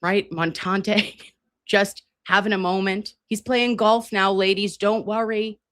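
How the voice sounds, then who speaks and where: A woman's voice: mid-range voice, steady tone, takes it slowly, fairly bright tone. A woman in her forties hosting a casual livestream, brash, profane and campy, with lots of asides. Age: 40s. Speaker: livestream host.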